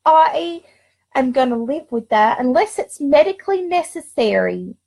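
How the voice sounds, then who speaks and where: Casting note: a woman vlogger near tears, slow, rambling, a little high-pitched. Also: lively intonation, creaky, darkish tone, poor audio. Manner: emotional, tearful, confiding; rambling with many restarts and fillers. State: close to tears. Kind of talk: personal storytelling vlog.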